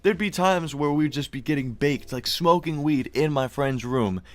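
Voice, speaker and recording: Profane young stoner vlogger. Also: male voice, on the high side, moderate pace. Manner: loose, profane, stoner slang. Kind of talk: casual storytime commentary.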